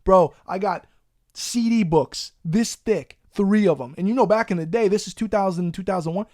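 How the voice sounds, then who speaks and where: A man, hosting a podcast and telling a profane, animated story in a casual way. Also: high voice, moderate pace, no echo, studio quality. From Long Island, New York. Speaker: podcast host.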